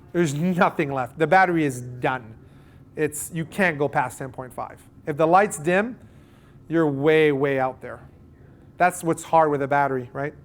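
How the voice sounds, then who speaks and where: A Canadian man leads a live boat show seminar, his voice sitting a little high. He explains things animatedly, acting out little conversations and reaching for everyday analogies. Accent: Canadian English. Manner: animated, uses everyday analogies and acted-out dialogue. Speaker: seminar presenter.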